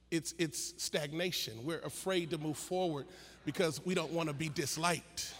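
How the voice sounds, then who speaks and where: A man preaching a sermon at a conference, building to shouted, sing-song peaks in his delivery. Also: on the high side, a little slow. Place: large conference hall. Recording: long hall reverb, faint ambient noise.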